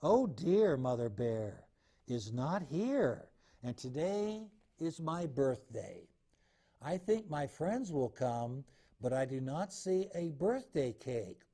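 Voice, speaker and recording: Eager little boy bear cub, read by a man, high and sing-song, slow storybook pacing, mellow tone. A children's picture-book figure, lifted a little above his reader's voice. Bouncing and hopeful. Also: big pitch swings, heavily acted. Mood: worried.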